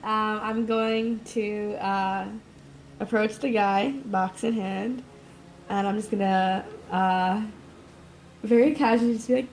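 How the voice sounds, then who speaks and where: Slow-talking woman playing a tabletop game. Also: mid-range voice, steady tone, darkish tone, a little hiss or hum, rough recording. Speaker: player. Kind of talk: casual tabletop play.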